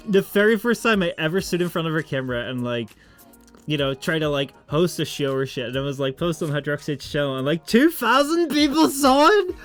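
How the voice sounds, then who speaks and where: Chatty Dutch-born male streamer. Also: a little high. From Netherlands. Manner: rambling, swearing, self-mocking. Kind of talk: casual livestream chat.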